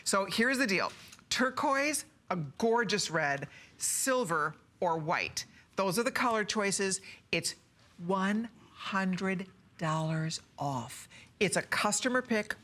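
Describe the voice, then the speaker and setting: A woman's voice: medium pitch, expressive, a little slow, pushed and bright. A woman hosting a live shopping channel, chatty and gushing about the products. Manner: bubbly, gushing, laughs easily. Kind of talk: chatty live sales presentation. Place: television studio.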